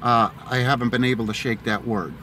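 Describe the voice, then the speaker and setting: This middle-aged Boston-area man, whose accent mixes Boston and Tennessee, chats rambly and filler-heavy on a live stream while behind the wheel in the city. He talks fairly quickly in a mid-range voice with fairly even intonation and a bright, forceful tone. There's slight background noise in the car.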